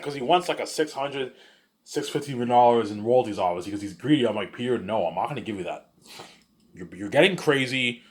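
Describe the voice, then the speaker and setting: A man's voice: mid-range voice, animated, brisk. A man rambling in a casual monologue, repetitive and boastful. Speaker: monologue host.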